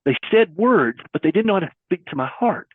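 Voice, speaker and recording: Middle-aged male guest, earnest and preacherly, slightly high husky voice, dry phone-quality audio. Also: sing-song, brisk, dry recording. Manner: earnest, preacherly, uses folksy metaphors. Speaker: guest caregiver advocate. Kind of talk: conversational interview. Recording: husky voice over a thin phone-like line.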